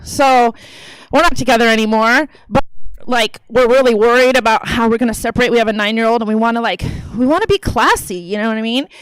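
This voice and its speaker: A woman's voice: fairly high pitch, fast, clean tone, no echo, poor audio. A woman in her thirties performing a profane, brash stand-up comedy set on a theater stage into a handheld mic. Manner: brash, profane, conversational delivery.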